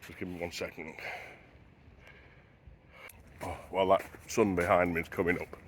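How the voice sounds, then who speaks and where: A man's voice: sits low, level tone, moderate pace, heavy background noise. A man vlogging as he walks a beach at sunrise, chatting to camera and wondering aloud as he goes. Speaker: travel vlogger. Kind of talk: casual walking narration to camera. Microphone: handheld camera while walking.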